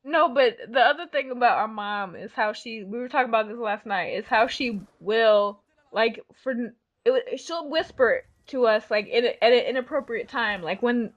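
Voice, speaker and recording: A woman's voice: fairly high pitch, moderate pace, muffled recording. A woman vlogger chatting casually about her family, giggling often. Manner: giggly, animated storyteller. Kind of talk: casual chat.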